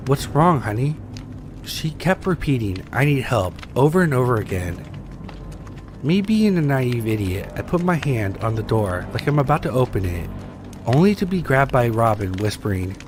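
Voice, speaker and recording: Man reading scary stories, lively pitch. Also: slight background noise. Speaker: story reader.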